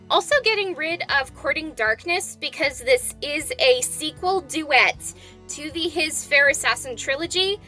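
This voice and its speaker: A woman's voice: high voice, bright, forceful tone. A woman vlogger reviewing books in a casual, blunt and exasperated way. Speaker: book vlogger. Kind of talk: casual book review vlog.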